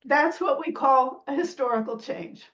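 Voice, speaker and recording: A woman's voice: sits high, normal speed, fairly bright tone, recorded from a distance, dull audio. A woman sociolinguist explaining speech sounds in an interview, imitating vowels and laughing lightly as she talks. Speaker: sociolinguist guest.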